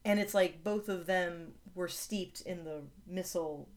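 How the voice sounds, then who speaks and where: A woman's voice: on the low side, fairly even intonation, unhurried. A woman co-hosting a podcast in casual chat, talking in a chatty way with lots of filler words. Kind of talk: casual chat recapping a TV episode.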